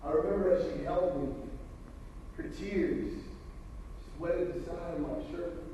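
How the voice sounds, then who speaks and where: A motivational speaker telling personal stories at a school assembly, with emphatic delivery that drops to a hush. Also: male voice, fairly high pitch, slow, muffled recording, a little hiss or hum. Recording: roomy reverb, distant from the mic.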